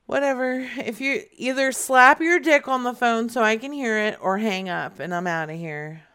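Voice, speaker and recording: A woman's voice: fairly high pitch, normal speed, a bit bright, clean tone. A young adult woman making a prank phone call, brash and teasing, laughing often. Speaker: prank caller.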